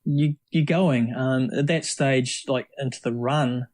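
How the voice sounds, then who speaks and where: A middle-aged man, a guest on an interview podcast, telling lively, rambling stories with many restarts. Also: mid-range voice, takes it slowly. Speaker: triathlete guest. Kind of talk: casual storytelling interview.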